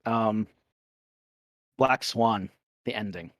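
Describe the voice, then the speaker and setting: A man's voice: on the low side, extremely slow, a bit bright, no room sound, dull audio. A young adult man co-hosting a casual podcast chat, talking with rambling enthusiasm and casual swearing. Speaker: podcast co-host.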